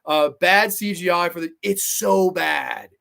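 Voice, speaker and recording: A young man hosting a livestream, reviewing films and reading chat comments aloud. His voice sits a touch high for a man. He talks bluntly and profanely, swings from groans to laughing rants, and mocks characters in quick put-on voices. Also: creaky, sharp tone. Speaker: host.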